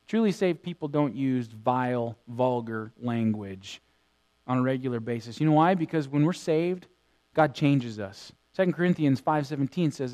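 A pastor preaching a sermon, swinging between loud bursts and hushed tones. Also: male voice, on the high side.

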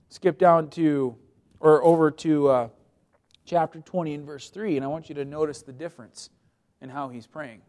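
A man preaching a sermon who reads scripture aloud, speaking with emphasis and swinging between loud pleading and quiet asides. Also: high-pitched, normal speed.

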